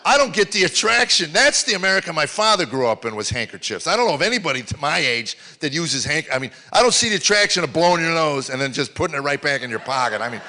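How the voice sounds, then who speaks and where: An older man on a comedy stage, telling rambling stories into a handheld mic. His voice is bright and forward. He drops to low mutters, then bursts out loud. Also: big pitch swings, fast talker, few pauses. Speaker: stand-up comedian. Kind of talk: stand-up comedy set. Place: live comedy venue.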